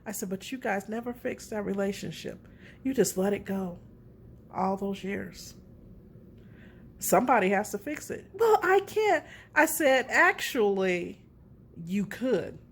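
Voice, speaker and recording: A middle-aged woman hosting a casual relationship talk, candid and animated as she tells her own story. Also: mid-range voice, measured pace, gravelly, pauses often, a little hiss or hum.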